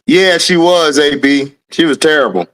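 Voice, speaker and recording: A man's voice: a little high, normal speed, a bit bright. A man hosting a casual livestream, reading out viewer names and answering the chat, laughing often. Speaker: livestream host. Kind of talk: casual live-chat commentary.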